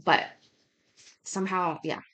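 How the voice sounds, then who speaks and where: A woman's voice: on the low side, fairly even intonation, slow, fairly bright tone. A woman in her thirties hosting a cooking vlog, chatting casually and rambling between topics, with the odd swear word. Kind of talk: casual chat while cooking.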